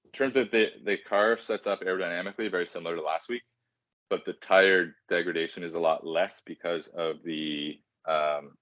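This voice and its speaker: A man's voice: low voice, fairly even intonation, moderate pace, dry recording. A man co-hosting a podcast, chatting casually and rambling with many fillers and self-deprecating asides. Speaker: podcast co-host. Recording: dry, dull lo-fi sound.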